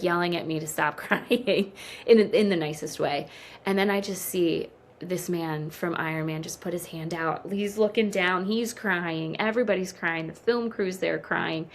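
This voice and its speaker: A woman in her thirties with a lower-pitched voice shares a personal story as a podcast guest. She talks with strong feeling and acts out the dialogue as she goes. A faint hiss of background noise sits under the recording. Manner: emotional, animated storyteller who acts out quoted dialogue. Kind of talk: interview storytelling.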